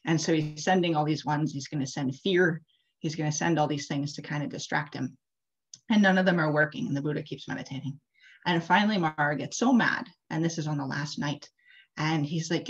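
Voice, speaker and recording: Woman interfaith leader, low voice, casual chatty sermon delivery, muffled video call sound. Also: brisk. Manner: casual, chatty, many "like" and "uh" fillers. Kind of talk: storytelling sermon. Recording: dull lo-fi video call audio.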